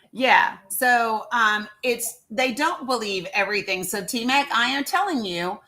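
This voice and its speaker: This host's voice is high, bright, and forceful, and she speaks slowly with long pauses. On her live social audio stream she chats casually, names her listeners as she greets them, and uses many fillers.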